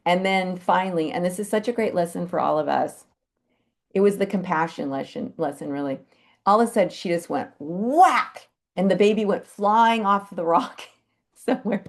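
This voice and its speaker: A woman telling animal stories in a chatty, animated way on a live video call. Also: fairly low pitch, moderate pace. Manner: chatty, animated, with lively quoted asides. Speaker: animal Reiki practitioner sharing stories. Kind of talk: casual storytelling on a live call.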